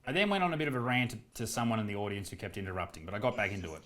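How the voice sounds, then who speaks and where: A man's voice: lowish voice, rapid-fire, fairly bright tone. Defensive, emphatic Australian man. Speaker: comedian addressing his audience. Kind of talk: direct-to-camera explanation.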